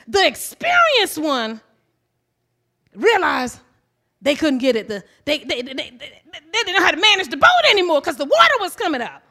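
A woman preaching a sermon emphatically, swinging from soft, low asides to shouting.

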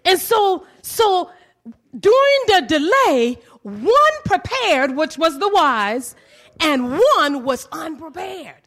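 A woman preaching with a very high, bright voice that rises and falls across a wide span. She lingers over slow, repeated phrases and breaks into fervent cries. Her delivery is a full sermon, never conversational. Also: very animated. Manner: impassioned, swinging from low murmurs to shouted cries; drawn-out, rhythmic phrasing with repetitions.

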